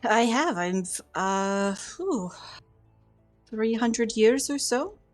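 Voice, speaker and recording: A woman's voice: on the high side, expressive, drawn-out words, soft background music. A woman voicing a prim, polite male barkeep who is centuries old, in a tabletop game. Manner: polite, fussy.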